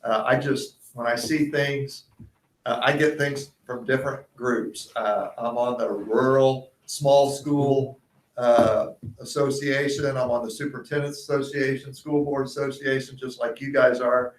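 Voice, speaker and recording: A man giving a superintendent's report at a school board meeting, speaking haltingly with frequent fillers. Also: medium pitch, fairly even intonation. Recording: echoey meeting room.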